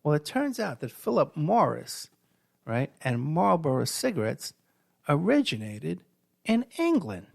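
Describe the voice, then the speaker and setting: A man's voice: a little high, very animated, unhurried, gravelly, dry recording, clean studio sound. A middle-aged man, hosting a radio show and telling rambling stories with lots of fillers and restarts. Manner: storytelling with many fillers and restarts. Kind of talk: rambling monologue.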